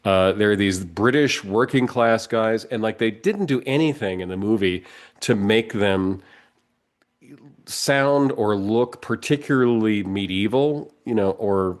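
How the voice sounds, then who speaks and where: A low-voiced man co-hosts a podcast while fighting a cold. He talks in rambling, casual bursts, restarting sentences and breaking into laughter. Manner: rambling, self-interrupting, laughs often. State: has a cold. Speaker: podcast co-host. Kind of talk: casual chat.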